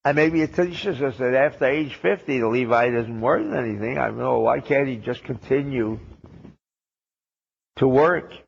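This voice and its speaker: A man's voice: medium pitch, normal speed, gravelly, slightly rough. A man giving a sermon as a rabbi, wry and sarcastic, asking rhetorical questions. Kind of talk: sermon on the weekly Torah portion. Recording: dull lo-fi old recording.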